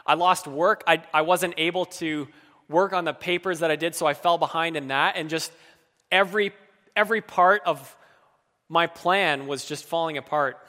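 A man's voice: on the high side, moderate pace, bright, forceful tone. A man preaching a sermon in an earnest, personal way, acting out quoted pleas with feeling. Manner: earnest, acts out quoted pleas with rising emotion. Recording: long hall reverb.

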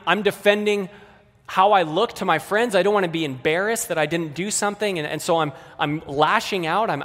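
A man's voice: high-pitched, a bit bright, in a large hall. A man preaching a sermon in a conversational way, speaking directly to the kids and the adults in the congregation.

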